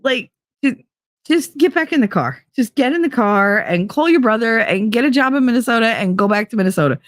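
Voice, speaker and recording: A middle-aged woman hosts a podcast with a fairly high, expressive voice, telling a story in a blunt, profane, casual way and swearing readily. She acts out both sides of each conversation in shifting voices. The sound is clean studio quality with no room sound.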